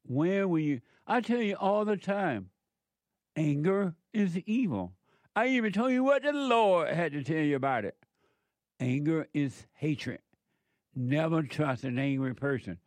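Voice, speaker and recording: A man's voice: a little high, expressive, a little slow, a little mellow, no room sound. A man delivering a preaching monologue, emphatic and repetitive, full of rhetorical questions.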